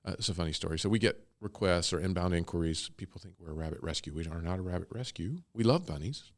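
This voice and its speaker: A man's voice: low-pitched, lively intonation, fast. A man being interviewed as co-founder of a ministry, talking in a rambling, enthusiastic way with laughs. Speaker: guest, co-founder of a bunny ministry. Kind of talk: casual interview talk.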